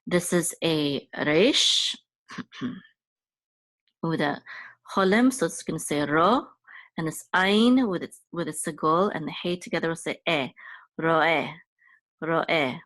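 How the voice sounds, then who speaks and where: A woman with a notably low voice teaches a casual reading lesson, going slowly and repeating each syllable. She talks with frequent fillers and corrects herself as she goes. The recording is dry, with no room sound. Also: expressive, fairly bright tone, dry recording. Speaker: Hebrew teacher.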